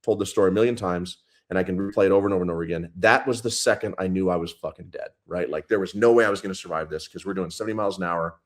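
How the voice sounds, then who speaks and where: A police sergeant in his thirties, appearing as a guest in a casual interview, retells a story bluntly, profanely, and intensely. His voice is low-pitched and rapid-fire, with few pauses.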